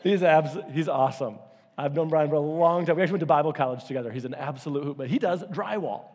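Preaching quickly in a church auditorium, this pastor's voice is a touch high, slightly husky, and darkish in tone. He acts out quotes with abrupt pitch leaps as he tells lively stories, each line followed by a long reverb tail.

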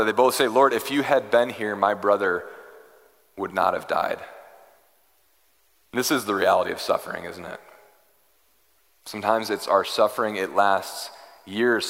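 A man preaching a sermon as pastor, earnest and pleading, moving from hushed, slow lines to emphatic, rising ones. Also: lowish voice, steady tone, gravelly. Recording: reverberant hall.

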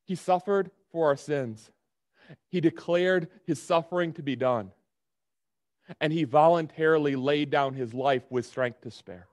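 A male preacher delivers a sermon in a loose, conversational way, often stumbling over repeated words and asking the congregation if they follow. His voice sits a little high for a man. The sound is close and dry, with no room around it. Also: a little slow, long pauses, no echo. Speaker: pastor.

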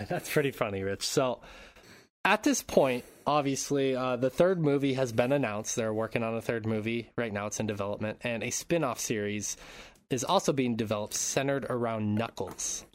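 Man, podcast co-host, laid-back, casual swearing, lively intonation, mid pitch. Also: moderate pace. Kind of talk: casual chat.

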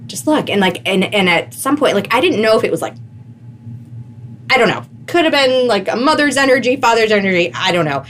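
A woman's voice: fairly high pitch, a little fast, slight background noise. A woman guest in a casual conversation, telling a personal story with lots of "like" fillers. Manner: animated, heavy use of "like" fillers.

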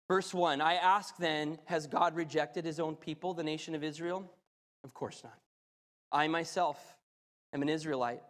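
Preaching and reading scripture, a man with a high, bright voice lets his sermon build into fervent, excited storytelling. A long reverb tail follows his words, as though he stands in a large hall.

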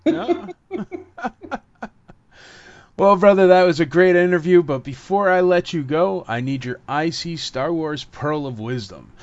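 A man's voice: fairly high pitch, moderate pace, hardly any pauses. A man hosting an interview podcast, laid-back and jokey with his guest. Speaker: podcast host. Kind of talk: casual interview chat. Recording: dull lo-fi audio.

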